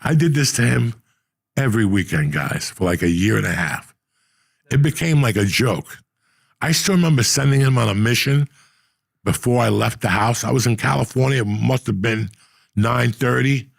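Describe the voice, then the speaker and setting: Gravelly, profane storytelling man. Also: medium pitch, normal speed, dry recording, studio quality. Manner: profane, animated storyteller acting out quotes. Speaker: podcast host. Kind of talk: casual storytelling.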